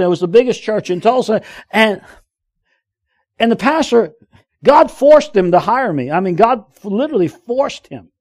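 A man preaching a sermon, telling funny personal stories and calling out to the congregation. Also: high-pitched. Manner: lively, joking, calls out to the audience. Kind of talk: sermon with humorous storytelling.

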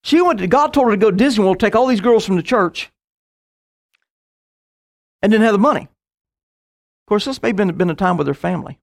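A middle-aged man preaching a sermon, telling stories with quick asides and bursts of emphasis. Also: high voice, lively intonation, creaky.

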